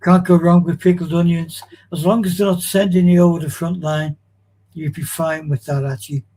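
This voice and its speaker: A man's voice: a little high, flat delivery, moderate pace, dark tone. A man co-hosting a casual chat, answering with short replies. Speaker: co-host.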